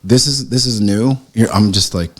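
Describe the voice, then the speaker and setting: A middle-aged man from the United States, a print shop owner chatting as a podcast guest, telling lively stories and acting out quotes. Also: on the low side, normal speed. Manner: animated storyteller, acts out quotes with swearing. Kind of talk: casual conversation.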